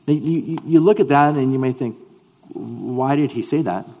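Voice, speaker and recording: A man preaching a sermon as a pastor. He repeats words when he restarts, and he swings between loud emphasis and hushed lines. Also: medium pitch, normal speed, long reverb tail.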